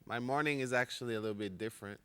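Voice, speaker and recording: A man's voice: mid-range voice, rapid-fire, fairly bright tone, smooth. A man in his forties from the Seychelles with an American accent, a coach chatting easily as a guest and laughing often. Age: 40s. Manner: easygoing, laughs often, talks in short pieces. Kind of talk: casual chat interview.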